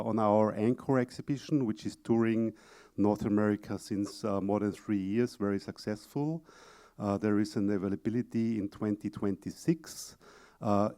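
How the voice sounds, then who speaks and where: Austrian-accented male presenter, deep and warm, halting conference pitch. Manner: hesitant, frequent filler sounds. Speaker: exhibition presenter.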